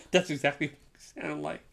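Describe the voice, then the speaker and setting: A man co-hosting a casual podcast, recounting things in a relaxed way and swearing freely. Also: on the high side, moderate pace, creaky. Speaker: podcast co-host. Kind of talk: casual chat.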